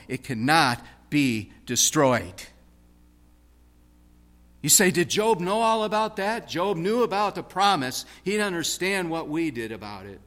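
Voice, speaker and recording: A man preaching a sermon in a rhythmic, emphatic way, swinging from loud stress to hushed tones. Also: mid-range voice.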